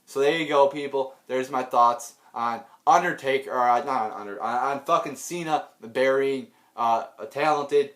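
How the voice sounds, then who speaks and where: A man's voice: medium pitch, moderate pace, few pauses, fairly bright tone. An exasperated man in a rant, swearing freely and filling every gap with "you know". He stumbles and restarts as his frustration builds, sighing between points. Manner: profane, heavy with "you know" fillers and restarts. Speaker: wrestling commentary vlogger. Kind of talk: angry unscripted rant.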